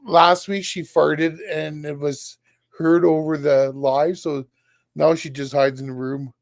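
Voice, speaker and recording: Man, guest on a casual live-stream chat from home. Blunt, casual swearer, short replies. Gravelly, slightly high voice, dry close sound over a video call. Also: level tone, slow pace, no echo. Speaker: guest YouTuber.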